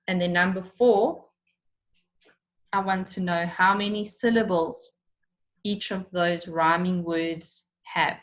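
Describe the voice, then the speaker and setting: Woman teacher, lower voice, slow and patient, step-by-step lesson for kids. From South Africa. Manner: patient, explains step by step, repeats questions. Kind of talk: recorded online lesson for children.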